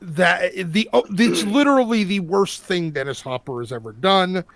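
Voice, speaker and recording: A man's voice: high-pitched, expressive, normal speed, fairly bright tone. A man from the Pittsburgh area ranting emphatically in a casual live-stream chat, with profane asides. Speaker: show regular, commentator.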